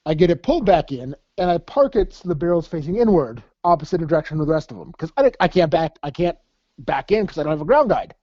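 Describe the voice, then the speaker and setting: A man's voice: on the high side, lively intonation, quick pace, mellow, no room sound, lo-fi sound. Crude, laughing male podcast storyteller. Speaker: podcast co-host. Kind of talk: casual storytelling.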